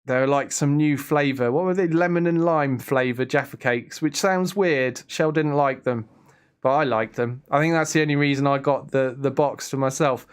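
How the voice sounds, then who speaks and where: A man's voice: medium pitch, normal speed, clean tone. A young man chatting casually on a live stream, rambling and answering his chat. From England.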